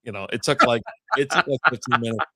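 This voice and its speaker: A man's voice: medium pitch, fast talker, sharp tone, no room sound. A man hosting a casual chat, telling a rambling, profane story and acting out the people in it. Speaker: podcast host.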